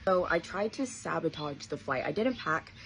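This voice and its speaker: A young woman with a low, deep-set voice tells a personal story in a casual vlog. She is animated and slips into the voices of the people she quotes. Steady background noise sits under her voice. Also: moderate pace. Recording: noisy background ambience.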